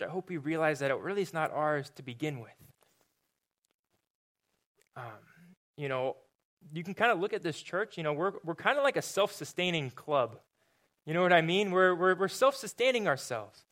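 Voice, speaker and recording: A man preaching a sermon in a relaxed, conversational way, often repeating words, then leading a prayer. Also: high-pitched. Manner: casual, repeats words, filler-heavy preaching. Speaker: pastor.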